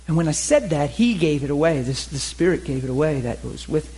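A man preaching a storytelling sermon, talking conversationally and getting animated, with laughs and shouts at the peaks. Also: on the high side, fairly quick, hardly any pauses, slightly rough, low-quality recording.

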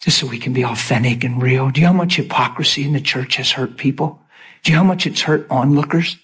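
A middle-aged male pastor preaching in storytelling style, acting out the voices of people he quotes. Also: on the high side. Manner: animated, acts out quoted voices. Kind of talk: sermon storytelling.

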